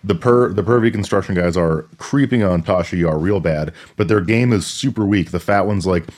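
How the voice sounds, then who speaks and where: A man with a lowish voice co-hosting a casual podcast. He walks through a movie's plot in a laid-back, dry way and tosses in the odd character line. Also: normal speed, darkish tone. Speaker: podcast co-host. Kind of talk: casual movie recap chat.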